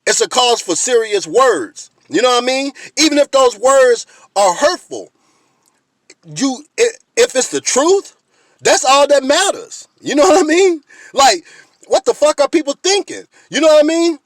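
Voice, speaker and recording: A man with a very high-pitched voice rants straight into a close mic, blunt and fired up. His speech is profane and insistent, packed with rhetorical questions. The room is dry with no echo. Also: very animated, normal speed. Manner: blunt, fired-up, profane, keeps repeating "you know what I mean". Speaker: video blogger. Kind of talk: impassioned direct-to-camera rant.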